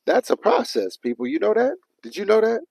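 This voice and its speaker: A man's voice: high-pitched, big pitch swings, a little fast, creaky, a little mellow, breathy edge, dry recording, low-quality recording. A man venting to his livestream viewers in a casual, profane rant, frustrated and addressing them directly.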